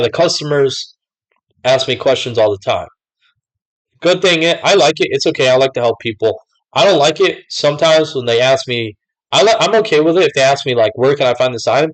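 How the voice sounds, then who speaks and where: A man's voice: medium pitch, poor audio. Rambling young man vlogging. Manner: rambling, many fillers like "like" and "whatever". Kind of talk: casual talk to camera.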